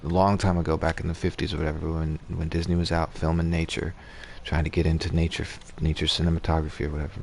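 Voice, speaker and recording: A man's voice: extremely low pitch, flat delivery, fast talker, gravelly, hardly any pauses, slight background noise. A man streaming a game, chatting casually and rambling, with swearing and restarts. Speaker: gaming streamer. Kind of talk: casual gaming chat.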